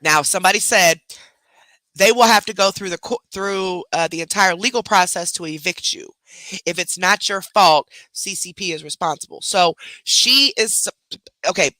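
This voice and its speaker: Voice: medium pitch, moderate pace, bright, forceful tone, no room sound. A host commenting casually on played videos, talking to viewers in slang and laughing openly. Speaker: reaction commentator.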